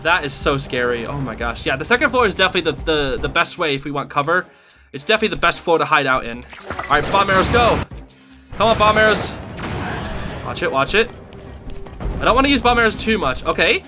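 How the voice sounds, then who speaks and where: An excitable young man calls out his moves while gaming, his voice sitting high and swinging widely as he yelps through the tense moments. Game music plays clearly behind him. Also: fairly quick, pauses often. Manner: excitable, yelps and laughs under pressure; casual slang, says dude and bro. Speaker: gaming channel host. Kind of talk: live gameplay commentary.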